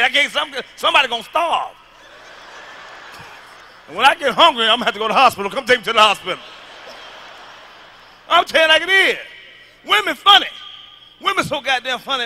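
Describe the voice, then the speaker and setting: A man performs a stand-up comedy routine in a loud, emphatic voice pitched extremely high, hammering his punchlines again and again. Slight background noise can be heard.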